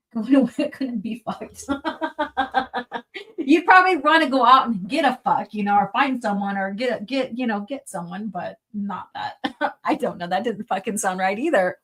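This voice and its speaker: A young woman with a somewhat high voice chats on her live stream from home. She rambles loosely, giggles often and swears freely while reading out viewer comments. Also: moderate pace, a bit bright. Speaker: livestream host reading chat. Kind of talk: casual live-stream chat. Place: at home, indoors.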